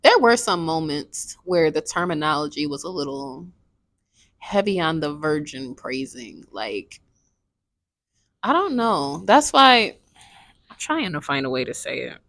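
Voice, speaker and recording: A woman's voice: low-pitched, sing-song, a little slow, fairly bright tone, no room sound, studio quality. A woman in her twenties chatting casually and frankly about a book she read, rambling and swearing now and then. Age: 20s. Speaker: book reviewer. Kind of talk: casual book review chat.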